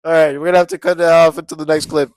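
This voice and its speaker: A man's voice: fairly high pitch, little pitch movement, rapid-fire, darkish tone, no echo. A man co-hosting a podcast in casual chat, joking and laughing often as he rambles. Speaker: podcast co-host.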